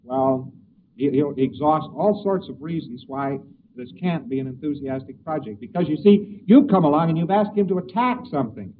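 A man's voice: a little high, expressive, normal speed. A man giving a conversational lecture with hesitations and acted examples, recorded on an old tape. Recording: old tinny distant tape with hiss.

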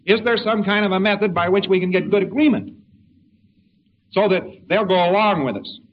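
A man giving an informal lecture in a folksy, rambling way with wry asides. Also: high-pitched. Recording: dull lo-fi recording with faint hiss.

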